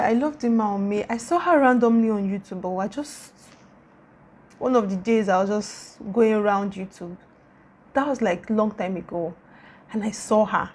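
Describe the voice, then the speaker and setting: A woman's voice: fairly high pitch, a little mellow. Gushing Nigerian woman vlogger. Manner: gushing, repetitive, effusive. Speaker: YouTuber. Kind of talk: casual vlog talk.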